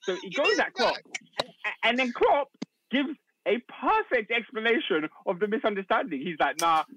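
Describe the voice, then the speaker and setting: A man keeping a loose sports talk on track with slangy takes. His voice is high and bright with a lively, wide-ranging pitch. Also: moderate pace, slight background noise, low-quality recording. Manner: slangy, steers the discussion. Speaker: podcast co-host. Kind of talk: casual chat.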